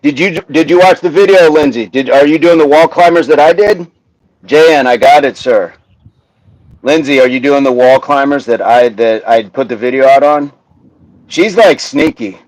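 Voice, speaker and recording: A man hosting a live workout stream, counting reps aloud in steady pairs and joking with the viewers who are following along. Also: mid-range voice, moderate pace, no room sound, low-quality recording.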